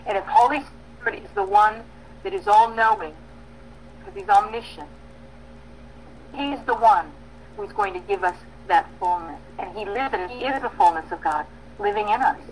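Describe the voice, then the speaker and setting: A woman preaching a sermon, emphatic, with bursts of loud stress and soft pauses, acting out prayers and dialogue. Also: medium pitch, animated, slight background noise, rough recording. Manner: acts out prayers and quoted dialogue.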